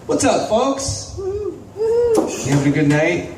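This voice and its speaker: A man's voice: very high voice, wildly swooping pitch, slow. A man doing a stand-up set, wry and self-deprecating, chatting with the front row of a small club. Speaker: stand-up comedian. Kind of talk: stand-up comedy. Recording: echoey club, from far off, faint noise.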